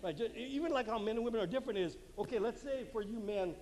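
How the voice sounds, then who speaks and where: Racing along in a high voice with a darkish tone, a man gives a lively talk to a live audience at a marriage conference held in a church hall, acting out little quotes and laughing at his own jokes. He uses a handheld mic; there's long hall reverb and faint room noise.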